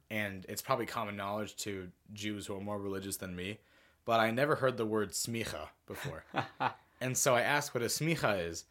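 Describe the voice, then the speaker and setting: A man's voice: medium pitch, fairly bright tone. A young man hosting a casual podcast, rambling through stories and jokes and laughing often as he goes. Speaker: podcast host.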